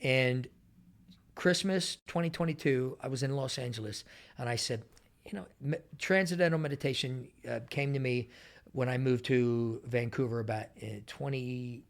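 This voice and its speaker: A middle-aged man answers interview questions casually at a moderate pace in a medium-pitched voice. He is an animated storyteller who acts out the people he quotes.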